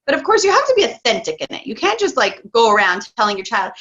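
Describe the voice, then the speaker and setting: A woman coaching parents in a casual interview, chatty and excitable, laughing often. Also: fairly high pitch, fairly quick, hardly any pauses, lo-fi sound.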